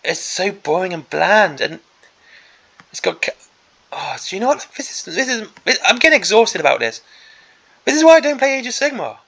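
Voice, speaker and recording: A man with a gravelly, crackly edge to his voice that sits a little high for a man. He has a bright, sharp tone. He rants through a preview in an exasperated, sarcastic way. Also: sing-song, moderate pace, long pauses. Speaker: miniatures hobby channel host. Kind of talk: ranting preview commentary.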